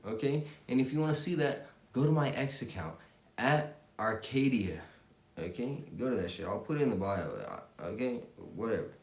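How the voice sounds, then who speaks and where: A man's voice: mid-range voice, normal speed. A man giving a profane, intense motivational rant, repeating himself and swearing constantly. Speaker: motivational vlogger. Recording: roomy echo.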